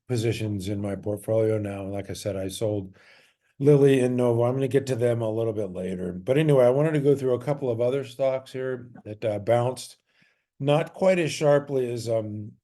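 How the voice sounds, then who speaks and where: A man's voice: medium pitch, normal speed, dark tone. A man who trades stocks, casually walking through his trades and charts in a loose, chatty way with frequent fillers and self-corrections.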